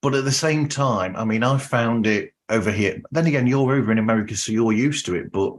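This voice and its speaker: A man with a Northern English accent hosting a podcast, friendly and rambling with halting restarts. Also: medium pitch. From north of England. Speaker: podcast host. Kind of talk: casual podcast interview.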